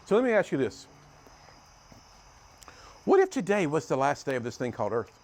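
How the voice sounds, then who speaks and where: With a fairly high voice and huge swings in pitch, a middle-aged American youth speaker delivers a motivational talk at normal speed. He tells stories to the group, alternating between loud moments and hushed ones.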